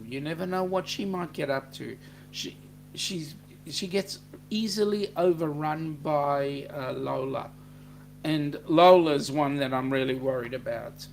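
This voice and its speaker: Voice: mid-range voice, slight background noise. A host with an Australian accent, chatting on a live stream, reading out and greeting viewer comments in a laid-back way with lots of "um"s.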